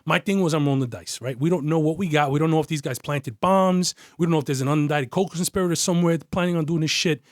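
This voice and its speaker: Profane New cop telling a story. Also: male voice, on the high side, fast talker, few pauses, dry recording, studio quality. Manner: profane, animated, acts out quoted voices. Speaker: podcast guest, retired detective. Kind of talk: casual storytelling.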